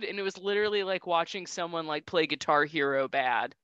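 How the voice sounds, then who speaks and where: Female co-host, smooth clear voice, casual banter. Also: lowish voice, steady tone, a bit bright, dry recording, muffled recording. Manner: chatty, swears, quick reactions. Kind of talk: casual podcast chat.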